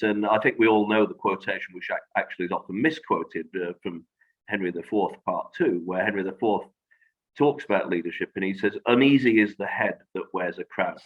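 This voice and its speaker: A man speaking as a guest in a reflective conversation, measured and thoughtful, pausing on fillers. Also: lowish voice. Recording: dull lo-fi audio.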